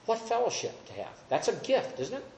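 A man's voice: sits high, wildly swooping pitch, brisk, gravelly, darkish tone, slight background noise. A man teaching a Bible study class, earnest and emphatic, asking the group questions. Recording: roomy echo.

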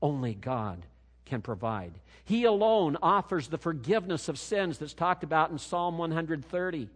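A man's voice: fairly high pitch, lively intonation, moderate pace, in a large hall. A man preaching a sermon as pastor, with an emphatic, rising and falling cadence.

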